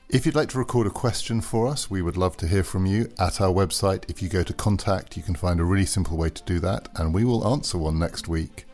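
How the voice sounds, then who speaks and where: A man's voice: low voice, a little mellow. A man hosting a political discussion podcast, speaking in a reflective, conversational way. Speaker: podcast host.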